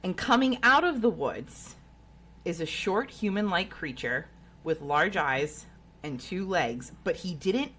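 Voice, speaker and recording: A woman, co-hosting a podcast and retelling a story in a casual, profane, animated way. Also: fairly low pitch, takes it slowly, slight background noise. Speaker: podcast co-host.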